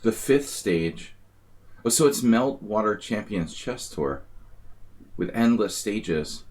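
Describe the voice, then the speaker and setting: A man's voice: fairly low pitch, animated, slow pace, a little mellow. A man streaming live chess games and talking through his moves with wry, rambling, grumbling asides. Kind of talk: live-stream commentary while playing.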